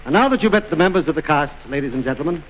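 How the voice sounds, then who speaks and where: A man's voice: a little high, animated, rapid-fire, a little hiss or hum, poor audio. A man presenting a film trailer in a formal, courteous, theatrical 1920s manner.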